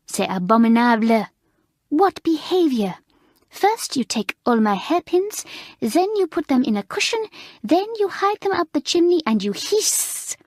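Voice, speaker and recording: A woman voicing an excitable, easily flustered middle-aged French schoolmistress with a put-on French accent and shrill, squealing outbursts. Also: slightly rough, dry recording, clean studio sound.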